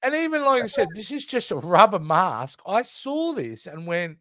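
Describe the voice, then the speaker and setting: A man, co-hosting a casual movie news chat in an animated, rambling way that keeps trailing off and restarting. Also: high voice, moderate pace, dry recording, clean studio sound. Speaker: co-host.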